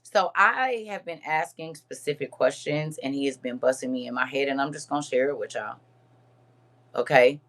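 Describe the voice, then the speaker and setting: A woman's voice: extremely low pitch, moderate pace. A woman hosting a live stream, chatting expressively with her viewers while puffy-eyed from crying. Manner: chatty and expressive, addresses viewers as girl and honey. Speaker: livestream host. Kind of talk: casual chat to a live audience.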